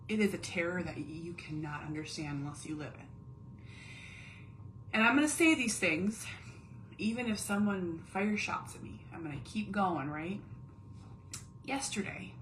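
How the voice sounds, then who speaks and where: A woman in her thirties, a mom and caregiver, speaks candidly to camera at home in a lowish, fairly bright voice over poor audio with slight hiss or hum. Earnest and confiding, she drops almost to a whisper when touching painful feelings.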